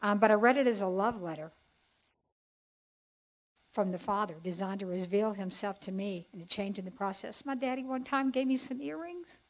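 A woman's voice: medium pitch, moderate pace, low-quality recording. A woman giving a chatty, heartfelt testimony as a Bible teacher to a group. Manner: folksy, chatty and heartfelt, with asides to the audience.

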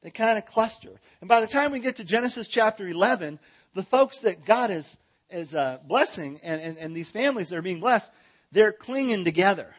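A man from Southern California teaching a lively Bible seminar, joking and coaxing the audience to join in with hand motions. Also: sits high, a little fast. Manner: playful, jokey, coaxes the audience to join in.

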